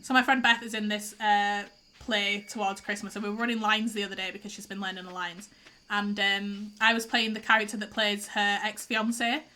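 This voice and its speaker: Bright-voiced woman streaming a game. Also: medium pitch, little pitch movement, fairly quick. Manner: chatty, rambling, reacts aloud to the game. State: teary, nose stuffy from crying. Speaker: streamer playing a farming game. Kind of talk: casual live-stream chat.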